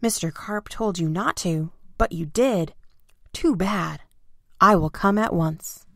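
A brisk policeman in a read-aloud storybook, voiced by a woman, firm and matter-of-fact. The telling is slow and the sound is close and dry. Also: on the low side, gravelly, dry recording. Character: brisk grown man, a policeman.

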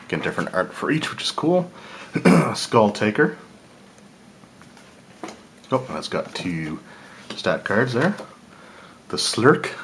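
A man's voice: sits low, a little hiss or hum. A man casually talking through an unboxing, thinking aloud and correcting himself as he goes. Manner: relaxed, thinking aloud, small laughs and self-corrections. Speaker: channel host reviewing game cards.

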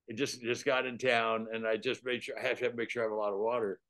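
A man's voice: mid-range voice, little pitch movement, fast, a bit bright, pitched below the performer's own voice, natural voice. A man voicing a tired male traveler who explains his car trouble plainly, while retelling a story. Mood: matter-of-fact.

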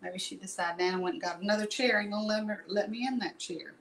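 A woman's voice: mid-range voice, fast, gravelly, slight background noise, rough recording. A middle-aged woman gives a casual painting tutorial, chatting and rambling in folksy asides while she works. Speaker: painting instructor.

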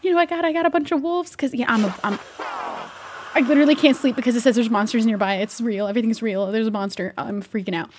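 A woman's voice: fairly high pitch, fast talker, noisy background. A young woman role-playing in a game, nervous and jokey, rambling and stammering. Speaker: Minecraft roleplay streamer. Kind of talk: in-character game roleplay chat.

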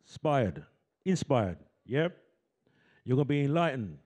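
A man's voice: medium pitch, big pitch swings, unhurried, darkish tone. A man hosting a community event, coaxing the audience into call-and-response with a handheld microphone. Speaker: event host. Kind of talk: lively audience warm-up.

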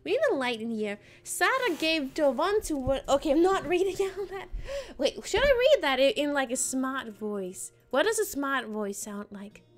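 Bubbly high-voiced woman streamer. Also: very animated, normal speed. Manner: playful, giggly, answering chat. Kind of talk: casual live-stream chat while gaming.

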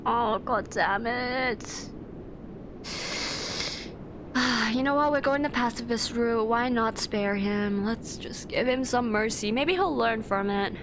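A young woman streaming a video game, reacting loudly and swearing freely, with game music behind. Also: fairly high pitch, slow, background noise. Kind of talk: live game commentary.

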